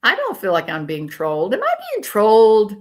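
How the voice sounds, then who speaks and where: A woman's voice: mid-range voice, wildly swooping pitch, moderate pace. An older woman hosting a casual true crime commentary livestream, ranting and reacting to viewer comments as they come in.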